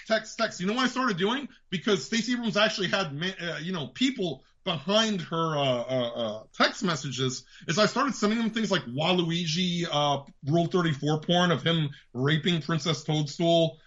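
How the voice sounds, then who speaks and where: A man with a New York accent hosting a podcast, ranting about politics in a profane, fast, heated way. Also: a little high, animated, a bit bright. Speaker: podcast host. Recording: dull lo-fi sound.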